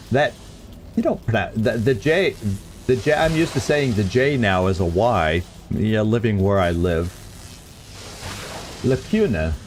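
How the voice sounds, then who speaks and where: A man's voice: mid-range voice, slight background noise. A man streaming a game, chatting casually and stumbling over tricky words as he reads lore. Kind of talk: let's play commentary.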